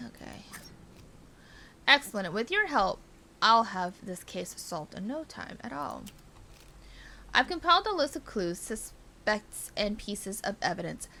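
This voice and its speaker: Woman putting on a grand detective, theatrical, lively pitch, confident. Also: a little hiss or hum, full character voice. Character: pompous frontier detective, self-assured. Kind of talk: reading game dialogue aloud.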